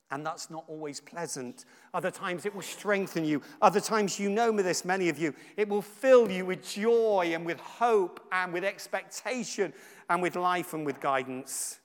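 A guest preacher with a somewhat high voice delivers a sermon with emphatic, repeated phrases. He swings from loud declarations to soft, hushed lines. His voice rings with a long reverb from a large hall.

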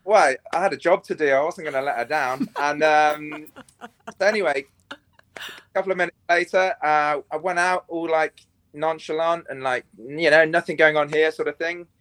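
A man's voice: a little high, steady tone, normal speed, fairly bright tone, no room sound. A young man, a podcast guest on a remote call, telling rambling, crude stories in casual chat with lots of fillers.

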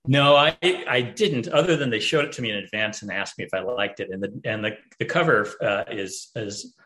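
A man being interviewed as an author, answering in a measured, thoughtful way. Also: on the low side, pushed and bright. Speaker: author guest.

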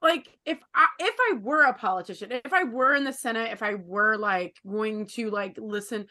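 A woman's voice: a little high, normal speed, bright, forceful tone. A woman co-hosting a podcast, chatting in a jokey, self-deprecating, profane way. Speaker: podcast co-host. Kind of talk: casual podcast chat.

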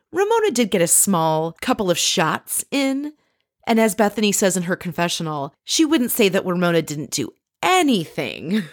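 A woman's voice: fairly low pitch, dry recording, studio quality. A woman giving a chatty, opinionated recap of a reality TV episode, telling it like a story.

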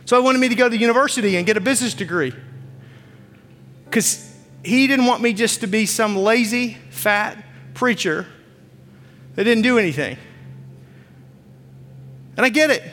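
A man's voice: sits high, normal speed, long pauses, a bit bright. A man in his forties preaching a sermon as pastor on a church stage, impassioned and repeating his phrases. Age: 40s. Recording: long church reverb with faint music.

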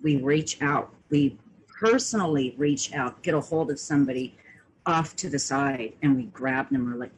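A woman's voice: deep voice, measured pace, slight background noise, poor audio. A woman calling in to a live stream panel, talking in a gushing, affectionate way. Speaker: caller. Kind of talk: casual chat.

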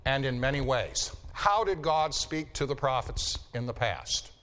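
A man's voice: medium pitch, expressive, a little slow, fairly bright tone, a little hiss or hum. A man lecturing a Bible class, repeating key phrases for emphasis and checking in with his students. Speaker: Bible teacher.

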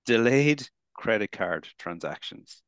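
A man's voice: fairly low pitch, expressive, slow pace, a bit bright, no echo. An Irish man co-hosting a podcast in casual chat, chatty and laughing often, trailing off mid-thought. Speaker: podcast co-host.

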